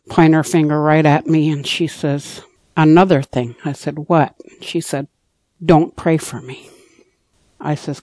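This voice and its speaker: A woman's voice: sits low, mellow, no room sound. A woman from Alaska gives a personal testimony as a guest, retelling past conversations by quoting what each person said. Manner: reenacts conversations with quoted dialogue. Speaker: guest telling her life story.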